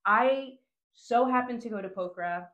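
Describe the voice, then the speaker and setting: A woman from Honduras, a podcast guest, telling a travel story in casual chat, animated, with frequent laughs, fillers and restarts. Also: fairly high pitch, normal speed, roomy sound, muffled recording.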